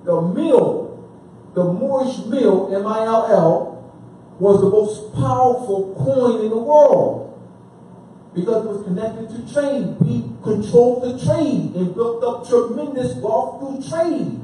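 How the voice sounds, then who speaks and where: Male lecturer with a dark, mellow voice, informal talk, quizzes the room, heard from a distance in a roomy space. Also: extremely high pitch, animated, slow pace, slight background noise. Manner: asks the listener questions and repeats himself for emphasis. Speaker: speaker lecturing on history. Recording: echoey room, speaker far from the mic.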